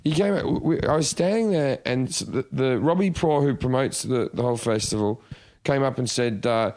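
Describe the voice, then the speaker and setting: An Australian man talking casually on a comedy podcast, rambling through anecdotes and often restarting his sentences. His voice sits at an average pitch for a man. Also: a little mellow. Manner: rambling storyteller with halting restarts. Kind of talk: casual chat.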